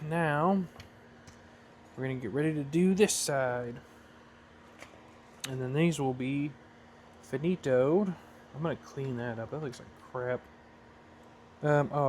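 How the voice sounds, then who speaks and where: A hobbyist building a flight-sim throttle talks casually at his workbench, soldering and assembling while thinking aloud and correcting himself, like a relaxed workshop tutorial. His voice is a little high and a little slow, with frequent pauses and a faint hiss or hum in the recording.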